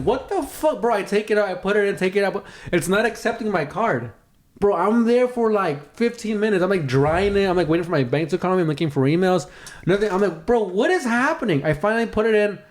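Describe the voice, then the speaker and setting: A young man co-hosting a podcast, telling a long, animated story full of swearing and acted-out voices. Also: high voice. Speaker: podcast co-host. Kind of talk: casual storytelling.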